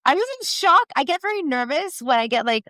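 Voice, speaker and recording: A middle-aged woman co-hosting a podcast, telling a story in casual chat with many restarts and halting repeats. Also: sits high, expressive, pushed and bright, no room sound. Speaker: podcast co-host.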